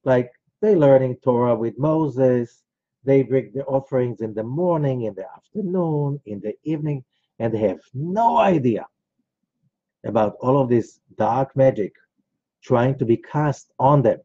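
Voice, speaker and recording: A man's voice: medium pitch, expressive, a little slow, warm tone, breathy edge, no room sound. A man, a rabbi, teaching a class in a conversational way, telling personal stories with many asides. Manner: conversational, rambling, with frequent asides. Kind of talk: informal lecture with storytelling. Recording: dull, lo-fi recording.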